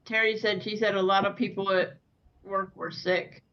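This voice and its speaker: A guest in a casual live-stream chat who talks haltingly and keeps restarting sentences. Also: medium pitch, little pitch movement. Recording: dull lo-fi stream audio.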